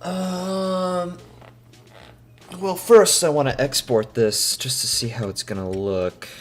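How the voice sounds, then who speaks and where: A man streaming himself editing a video, talking to himself in rambling casual chat that breaks into sudden loud outbursts. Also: mid-range voice, big pitch swings, normal speed.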